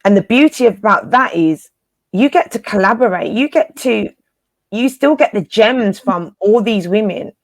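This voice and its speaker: A woman's voice: medium pitch, animated, moderate pace, dry recording. A woman co-hosting a casual spiritual live chat, encouraging her listeners and often repeating phrases for emphasis in informal, slangy speech.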